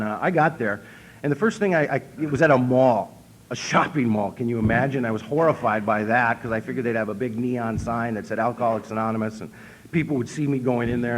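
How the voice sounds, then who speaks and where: Deadpan storytelling man at a podium. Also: mid-range voice, a little fast, slight background noise. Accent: Upper Midwest American. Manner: storytelling, deadpan self-mocking, acts out quotes. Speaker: speaker at an AA convention. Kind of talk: humorous recovery talk. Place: convention hall stage.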